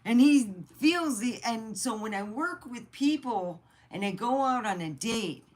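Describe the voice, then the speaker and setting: A woman's voice: a little high, a little slow. A middle-aged woman from the United States telling personal stories in a blunt, chatty way and swearing freely. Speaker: vlogger. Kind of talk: casual storytelling.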